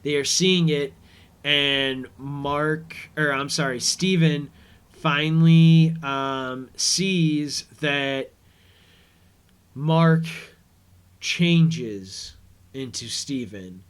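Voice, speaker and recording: A man's voice: a little high, very slow, smooth. A man hosting a podcast, recapping a TV episode in a rambling, casual way and paraphrasing scenes. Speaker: podcast host.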